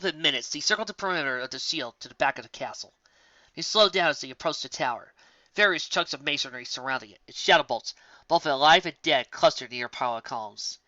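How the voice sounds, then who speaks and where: A reader narrating fan fiction aloud in an animated way. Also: mid-range voice, fast talker, no echo. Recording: dull lo-fi home recording.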